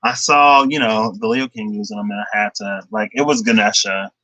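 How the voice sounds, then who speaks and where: Young male tarot streamer, rambling casual chatter, bright forceful tone, close dry sound. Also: on the low side, fairly even intonation, normal speed, no room sound, rough recording. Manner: rambling, chatty, laughs often, lots of fillers. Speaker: tarot card reader. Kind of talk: casual livestream chat. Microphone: laptop webcam.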